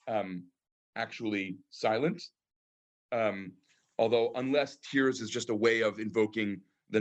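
A man lecturing on scripture with an easy, thinking-aloud manner. He reads a line, pauses on an "um", then explains it. His voice sits at an ordinary middle pitch. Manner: thoughtful, frequent ums, reads verses then translates. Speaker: rabbi teaching a class.

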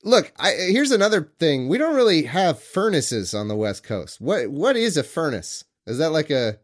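A man's voice: a little high, big pitch swings, moderate pace. A man from California co-hosting a podcast, working through a quiz question in rambling, joking casual chat that keeps cutting itself off. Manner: rambling, self-interrupting, joking. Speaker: podcast co-host answering a quiz.

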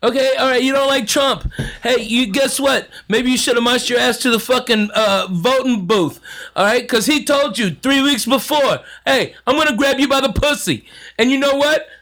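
A man hosting a podcast, ranting loudly with mocking, profane jabs. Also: very high voice, moderate pace. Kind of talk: casual podcast rant.

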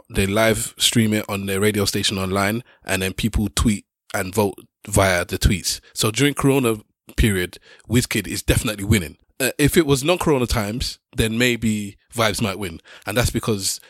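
A man's voice: lowish voice, normal speed, few pauses, dry recording, clean studio sound. A man hosting a casual podcast, opening the show with a playful, grandiose welcome and chatting with his co-hosts over a remote recording. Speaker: podcast host.

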